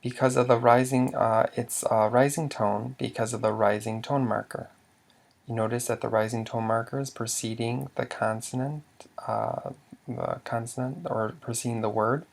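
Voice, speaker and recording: Gravelly-voiced man teaching a slide lesson. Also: medium pitch, fairly even intonation. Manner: measured, stops to restart words, asks then answers questions. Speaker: language teacher.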